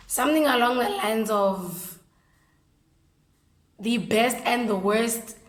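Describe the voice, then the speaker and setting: A woman with a Botswana accent, telling a story in a lively, slangy, casual way while eating on camera. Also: mid-range voice, roomy sound. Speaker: vlogger.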